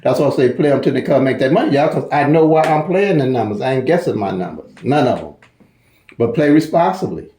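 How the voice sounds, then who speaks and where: A man's voice: mid-range voice, lively intonation, fairly quick, mellow, reverberant. A man with a St. Louis accent explains a lottery number system in a casual, folksy way, repeating himself and stumbling over restarts. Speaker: lottery strategy channel host. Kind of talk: casual tutorial talk.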